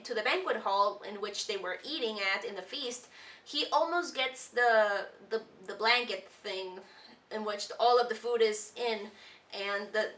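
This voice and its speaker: Chatty woman vlogger, bright and distant. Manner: rambling with many ums and restarts; quotes characters in high playful voices. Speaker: vlogger reviewing a cartoon. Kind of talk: casual commentary.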